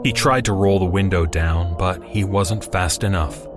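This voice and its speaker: A man's voice: low voice, a little slow, over music. A man narrating a horror story in a dry, wry storytelling manner.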